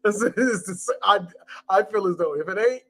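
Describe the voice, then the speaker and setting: A man co-hosting a casual movie podcast, animated, joking and full of slang. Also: sits high, moderate pace. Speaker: podcast co-host. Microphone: live stream mic.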